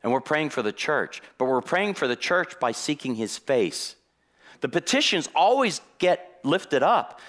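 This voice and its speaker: A man preaching a sermon in a church, telling a personal story in a lively way and acting out the conversations in it. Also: on the high side. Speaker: guest preacher.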